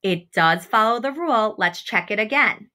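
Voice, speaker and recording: A woman teaching a remote phonics lesson to young children. She is encouraging, speaks straight to her students and stretches out example words slowly. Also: mid-range voice, animated, sharp tone. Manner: slow, exaggerated enunciation of example words. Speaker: first grade teacher.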